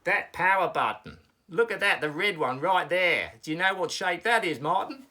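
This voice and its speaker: Man doing a puppet snack tube, put-on Australian accent, high excited voice, says mate a lot. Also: normal speed. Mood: overexcited. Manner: says "mate" constantly, gets overexcited.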